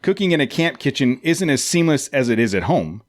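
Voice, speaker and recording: A man hosting a podcast at an average pitch, relaxed as he reads a magazine aloud. He often trips and repeats himself, keeping things casual. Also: fairly quick. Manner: laid-back, often stumbles and repeats words. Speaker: podcast host.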